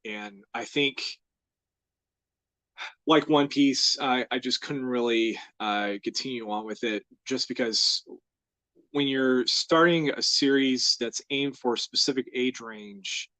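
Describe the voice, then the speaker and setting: A man's voice: medium pitch, slow pace, dry recording. Easygoing young American man streaming live. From United States. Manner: rambling and easygoing, with many fillers and soft laughs. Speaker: host of a live drawing stream. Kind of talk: casual live-stream chat.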